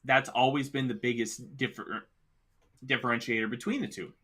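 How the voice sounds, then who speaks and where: A man's voice: medium pitch, steady tone, moderate pace, a bit bright, slightly rough. A man hosting a casual sports talk show, giving emphatic, opinionated takes with the hiccups. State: has the hiccups. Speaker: podcast host.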